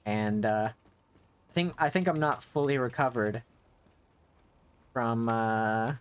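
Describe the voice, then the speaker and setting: A man live-streaming a video game, chatting casually as he plays. He rambles and often stops mid-sentence to correct himself. His voice sits at an ordinary middle pitch. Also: slow pace, smooth. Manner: rambling, restarts mid-thought, self-correcting. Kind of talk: casual gameplay commentary.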